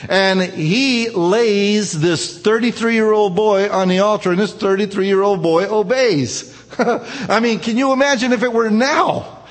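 A man's voice: high-pitched, measured pace. A man preaching a sermon, retelling a scripture story with emphatic rises and falls. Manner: emphatic preaching, rising and falling. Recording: long hall reverb.

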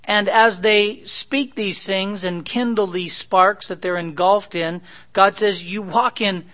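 A man's voice: high voice, fairly even intonation, takes it slowly, pushed and bright. A middle-aged man preaching an expository sermon, reading scripture with rising emphasis and often correcting himself mid-phrase. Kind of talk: sermon, expository Bible teaching.

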